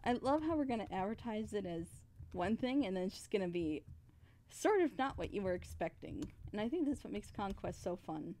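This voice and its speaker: A woman's voice: mid-range voice, sing-song, a little fast, warm tone. A woman voice actress co-hosting a casual stream, effusive and giggly, laughing often as she chats.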